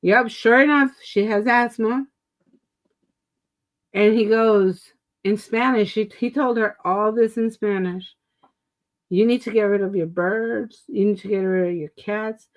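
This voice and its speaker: A woman's voice: medium pitch, a little slow, rough recording. A middle-aged woman co-hosting a casual talk stream, telling a story with lots of laughter and acted-out quotes. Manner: animated storyteller, laughs often, acts out quotes. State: asthma and COPD.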